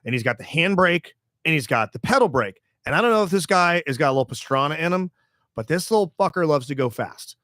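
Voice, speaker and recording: A middle-aged man co-hosting a comedy podcast, telling stories in a casual, animated way and acting out the people in them. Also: a little high, fast talker, no room sound, clean studio sound. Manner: animated, acts out voices and shouts in his stories. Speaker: podcast co-host.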